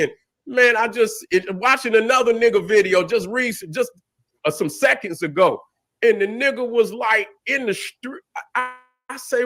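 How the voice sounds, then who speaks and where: A man's voice: very high voice, moderate pace, fairly bright tone. A middle-aged man giving a profane, repetitive, preachy commentary rant as host. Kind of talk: ranting commentary.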